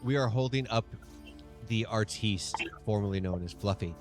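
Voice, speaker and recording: A man's voice: on the low side, normal speed, over music. A man who hosts as game master, chatting casually and joking with his players. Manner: relaxed, joking, laughs between lines. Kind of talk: casual chat hosting a tabletop game.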